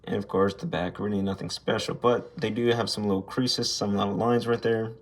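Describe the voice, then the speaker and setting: A man's voice: lowish voice, steady tone, brisk. A young man casually reviewing an action figure, rambling, swearing freely and airing blunt gripes. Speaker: toy reviewer. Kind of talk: casual unscripted toy review.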